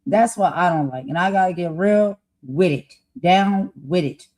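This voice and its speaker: A woman from the United States hosting a political talk show, speaking with impassioned conviction and growing loud as she makes her points. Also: fairly low pitch, a little slow. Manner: impassioned, grows loud and emphatic. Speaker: host. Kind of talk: heated political commentary.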